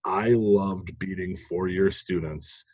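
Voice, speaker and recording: Lively husky-voiced man telling stories. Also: sits low, slow, dry recording. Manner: animated storyteller, laughs often. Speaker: podcast guest, sales manager. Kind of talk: casual storytelling interview.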